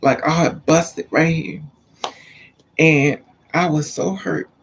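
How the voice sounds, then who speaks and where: A man's voice: a little high, fairly even intonation, slow pace, gravelly, slight background noise. A man vlogging, telling frank personal stories in a confiding, chatty way. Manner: frank, confiding, acts out quoted exchanges. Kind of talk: candid personal storytelling.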